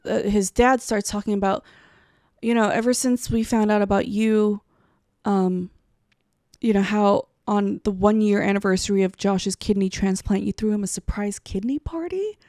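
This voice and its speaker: A woman co-hosting a podcast, telling a story in casual chat, animated and swearing as she acts out quotes. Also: mid-range voice, normal speed, no echo, studio quality. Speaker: podcast co-host.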